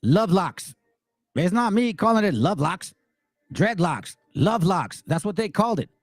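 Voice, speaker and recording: An angry man holds forth in a high voice that leaps all over the place. He talks in a profane, mocking way and keeps repeating himself. The sound is dry and close, with no room echo. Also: very animated, a little slow. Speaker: religious commentary channel host. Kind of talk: heated monologue commentary.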